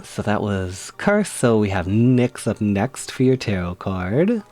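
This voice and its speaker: A man's voice: fairly low pitch, big pitch swings, slow, mellow. A man streaming live, chatting casually and reading tarot cards, giggly and rambling with frequent laughs.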